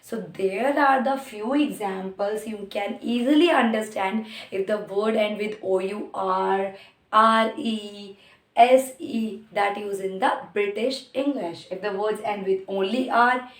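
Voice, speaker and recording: A woman whose first language is Hindi, teaching an online lesson and repeating example words slowly for practice. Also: medium pitch, echoey room. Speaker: English teacher. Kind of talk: online lesson explaining pronunciation.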